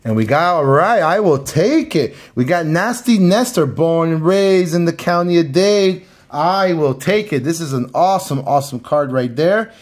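Excitable Miami man opening card packs. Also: on the high side, moderate pace, few pauses. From Miami, Florida. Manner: excitable, repeats himself, calls out to viewers. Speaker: card collector. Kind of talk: casual pack-opening commentary.

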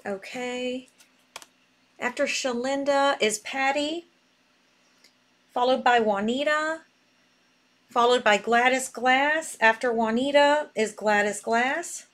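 Excitable woman hosting a live sale. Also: sits high, slow pace, pauses often, slight background noise. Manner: excitable, reads buyer names aloud while typing. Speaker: live jewelry sale host. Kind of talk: live-stream selling.

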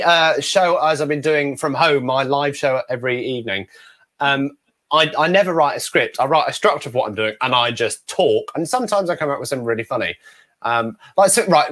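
English man, 20s, higher voice, animated storyteller, interview guest. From England. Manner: animated storyteller who acts out quotes. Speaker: ventriloquist guest.

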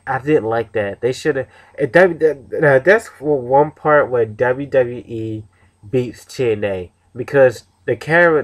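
A man giving a casual, rambling review of a wrestling show, with many restarts and fillers. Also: mid-range voice.

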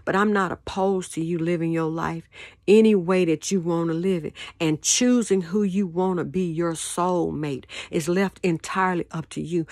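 Low gravelly woman musing aloud. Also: darkish tone, dry recording, studio quality. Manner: repetitive, questioning, drops to whispers. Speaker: vlogger. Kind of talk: rambling spoken monologue.

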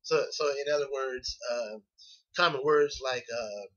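A man talks through a class presentation, hesitating often and restarting his sentences. His voice is bright and forward. The recording sounds dull and lo-fi. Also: mid-range voice, a little slow. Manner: hesitant, many fillers and restarts. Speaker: graduate student presenting.

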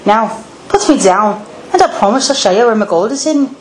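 A woman's voice: a little high, lively intonation, fairly quick, slight background noise, close to an everyday voice. A woman voicing a cross, wheezy little male leprechaun in a storybook reading, grumbling and sly. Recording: echoey room.

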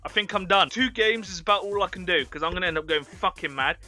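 A young man giving excitable, sweary gameplay commentary at his computer. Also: high-pitched, quick pace, few pauses. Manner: excitable, sweary, easily startled. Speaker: gaming YouTuber.

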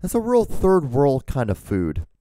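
A man rants alone on his podcast in a mellow, warm voice, with blunt, profane asides and a rambling flow. His voice is starting to wear thin. The sound is close and dry. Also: medium pitch, huge pitch swings, a little slow, no echo. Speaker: podcast host. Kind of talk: solo podcast rant.

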